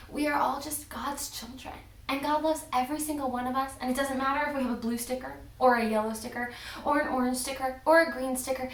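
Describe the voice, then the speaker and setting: A woman giving a children's message at church, telling a story in an animated, expressive way to kids. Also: high voice. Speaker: children's minister. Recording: echoey room, far from the mic.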